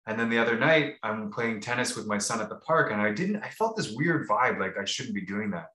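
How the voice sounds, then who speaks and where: Man, casual rambling storyteller, bright voice, roomy echo. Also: fairly low pitch, expressive, a little fast. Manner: rambling, many restarts and fillers. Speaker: podcast co-host.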